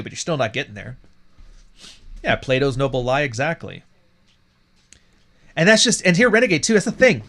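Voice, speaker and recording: Male podcast host, mid-pitched voice, blunt and profane, quick to laugh. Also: fairly bright tone. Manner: blunt and profane, laughing at his own jokes. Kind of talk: casual livestream talk.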